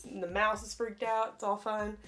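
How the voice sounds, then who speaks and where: A woman's voice: mid-range voice, little pitch movement, moderate pace, fairly bright tone. A woman co-hosting a casual collecting video, chatty and enthusiastic, often saying "like". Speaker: co-host. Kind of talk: casual collection show-and-tell.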